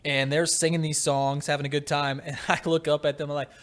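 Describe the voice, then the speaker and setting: A man co-hosting a casual sports talk podcast tells a lively story in a fairly quick, highish voice, getting loud as he acts out his rant.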